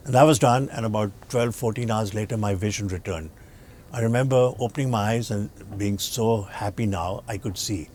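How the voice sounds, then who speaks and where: An older man from India, a doctor being interviewed, telling childhood stories with lively acted-out dialogue. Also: lowish voice, moderate pace. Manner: animated storyteller acting out dialogue. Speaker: guest, doctor and professor. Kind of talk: storytelling in an interview.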